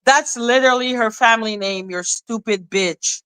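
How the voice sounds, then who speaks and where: A woman's voice: a little high, normal speed, few pauses, a bit bright, clean tone, no room sound, rough recording. A woman doing blunt, exasperated live-stream commentary, ranting and repeating herself.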